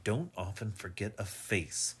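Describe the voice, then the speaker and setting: A man voicing an older retired police inspector, precise and insistent, in a husky voice. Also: on the low side, animated, moderate pace, fairly bright tone. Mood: jubilant. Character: retired male police inspector, older, dogged and sure of himself.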